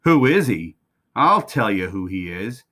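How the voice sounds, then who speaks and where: Male reader voicing a steady, kindly horse trainer, storybook. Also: fairly low pitch, normal speed, breathy edge. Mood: firm. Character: horse trainer, older man, usually soft-spoken.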